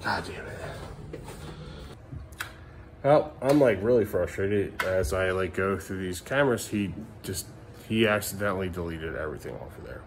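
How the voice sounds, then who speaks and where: In a casual nighttime vlog from home, a father in his thirties speaks to camera with a deep voice, lively intonation, and moderate pace. He's emotional, swearing and using fillers, and his camera mic adds a little hiss or hum.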